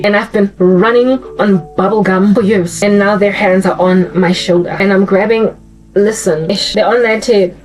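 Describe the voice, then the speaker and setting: A woman's voice: medium pitch, darkish tone. A woman giving impassioned religious commentary, fervent and emphatic, often repeating her phrases. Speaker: Christian vlogger. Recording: distant mic with faint music.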